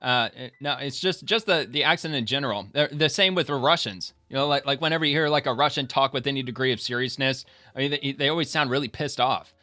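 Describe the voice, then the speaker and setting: A man's voice: mid-range voice, quick pace, few pauses, pushed and bright, dry recording. A man giving casual, rambling reaction commentary, talking loosely with lots of fillers and restarts. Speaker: online commentator.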